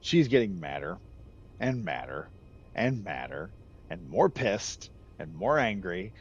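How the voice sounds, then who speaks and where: A man's voice: sits low, sing-song, slow pace, slightly rough. A middle-aged man telling a casual, rambling story as a gaming channel host. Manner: rambling, self-correcting, laughs at own jokes. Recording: slightly muffled with faint background noise.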